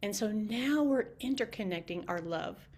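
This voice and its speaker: A woman speaks on a group video call in a casual storytelling style. Her pitch sits in the middle range. She is animated and acts out little quoted exchanges as she talks. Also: normal speed. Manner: animated, with quoted back-and-forth dialogue. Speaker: community team member and guest.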